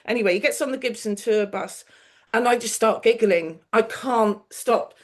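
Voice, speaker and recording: A middle-aged woman tells stories in an animated, chatty way, often laughing. Her voice sits a little high. She acts out the people in her stories as she goes. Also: moderate pace. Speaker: guest, TV producer. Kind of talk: casual chat, anecdote telling.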